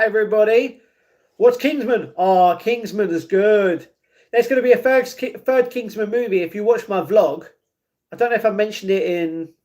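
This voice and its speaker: A British man hosting a live stream, chatting loosely and reacting to messages as they come in. His voice sits fairly high for a man. He rambles from one thought to the next in an easy, unscripted way. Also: a little mellow. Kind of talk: casual live-stream chat.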